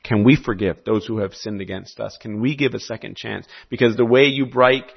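Man preaching an animated sermon. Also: fairly low pitch, fairly quick, vocal fry, slightly rough. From South America. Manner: animated storytelling, asks the audience questions. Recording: slightly muffled recording.

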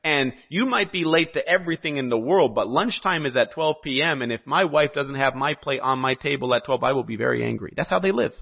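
Man preaching an animated sermon. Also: medium pitch, a little fast, creaky, hardly any pauses. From South America. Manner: animated storytelling, asks the audience questions. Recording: slightly muffled recording.

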